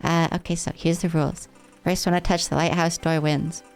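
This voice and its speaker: A woman's voice: sits low, little pitch movement, moderate pace, vocal fry, darkish tone, smooth. A woman streaming a game live, chatting playfully with her viewers as she plays. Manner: playful, rambling, chats with viewers.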